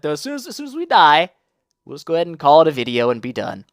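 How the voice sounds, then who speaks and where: A young man casually commenting on a mobile game run, excitable and jokey, reacting aloud to every turn. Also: on the high side, racing, no room sound, clean studio sound. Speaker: mobile game video host.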